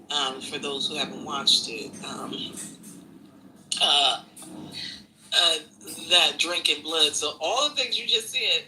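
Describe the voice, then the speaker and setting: A man joining a live audio chat room, talking casually with many halting fillers. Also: on the high side, bright, forceful tone, slight background noise, low-quality recording. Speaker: room participant.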